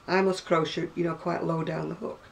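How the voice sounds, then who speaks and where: A woman's voice: low voice, little pitch movement, a little fast, vocal fry, recorded from a distance, slight background noise. A woman in her sixties with a northern English accent, chatting casually and rambling to camera about her crafts, often laughing. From North West England. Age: 60s. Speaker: craft seller.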